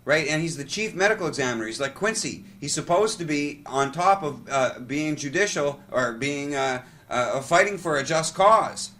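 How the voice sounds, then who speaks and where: A man giving an impassioned, rambling monologue to camera, urgent and halting with many restarts. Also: on the high side, expressive, bright, forceful tone, a little hiss or hum. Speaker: vlogger.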